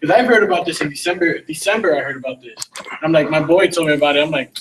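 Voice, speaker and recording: A man giving a casual sales training talk, relaxed and slangy, acting out sample conversations. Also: on the high side, fast, a little hiss or hum. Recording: voice from some distance from the mic.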